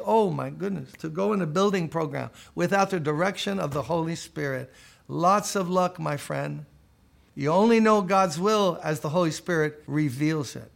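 A man's voice: high-pitched, vocal fry, fairly bright tone. A man preaching a sermon in an emphatic way, firing rhetorical questions and dropping mocking asides.

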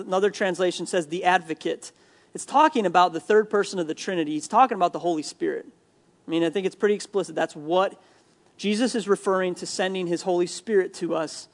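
A young adult man preaching a sermon in a casual, conversational way, with humor and frequent restarts. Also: high-pitched. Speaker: pastor.

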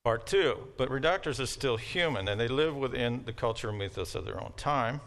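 A man with a Southern American accent giving a relaxed, conversational university lecture and often checking in with his students. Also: mid-range voice, a little fast. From Southern United States. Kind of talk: classroom lecture.

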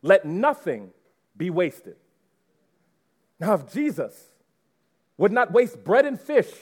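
Male pastor, 30s, high voice, animated sermon, talks right to the congregation. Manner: animated, addresses the congregation directly. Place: church before a live congregation.

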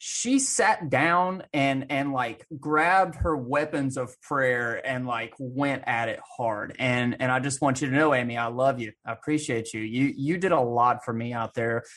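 A man's voice: mid-range voice, measured pace, few pauses, fairly bright tone. A man in his thirties with a Southern American accent, earnestly chatting on a stream panel. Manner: earnest, storytelling with quoted voices. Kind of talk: casual chat.

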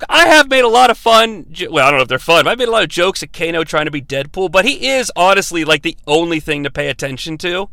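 A man's voice: a little high, creaky, sharp tone, no echo. Sarcastic, swearing man recapping a film. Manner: sarcastic, profane, rambling. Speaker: movie reviewer host.

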